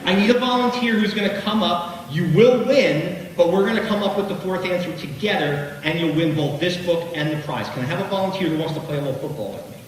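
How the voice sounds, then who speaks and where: A middle-aged man giving an animated, jokey keynote speech, talking straight to the crowd. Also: high-pitched, brisk, few pauses, a little hiss or hum. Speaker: keynote speaker. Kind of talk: motivational keynote speech to a live audience. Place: large hall. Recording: echoey hall from far off.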